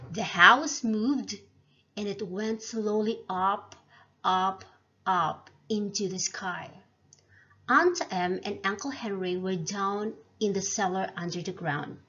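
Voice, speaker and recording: A woman narrating a storybook read-aloud in a slow, clear reading manner. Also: medium pitch, sharp tone, lo-fi sound.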